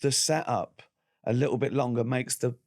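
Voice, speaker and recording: A man's voice: fairly even intonation, normal speed. English comedian in his sixties, chatty. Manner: acts out other people's lines in quoted voices; bursts into high loud laughter. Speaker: guest comedian. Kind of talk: casual chat.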